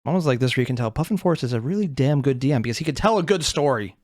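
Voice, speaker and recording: A reaction video host giving casual commentary, animated, thinking aloud and swearing often. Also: medium pitch, very fast, no echo, studio quality, faint music behind.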